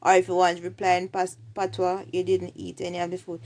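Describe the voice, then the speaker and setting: A woman's voice: lowish voice, monotone, a little fast, hardly any pauses, darkish tone. A woman with a Jamaican accent teaching everyday phrases, saying each example twice. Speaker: language teacher.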